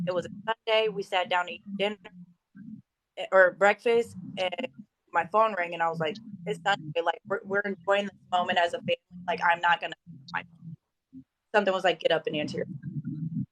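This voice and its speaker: A woman's voice: medium pitch, fairly even intonation, brisk, a bit bright, no room sound, low-quality recording. A young woman guest telling a personal story in an emotional, conversational way.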